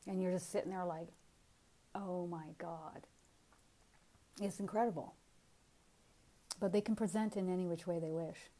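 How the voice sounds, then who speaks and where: Middle-aged woman medium, lively casual storyteller, laughs easily. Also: mid-range voice, poor audio. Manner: animated storytelling, frequent laughs. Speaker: spiritual medium. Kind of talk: casual spiritual talk.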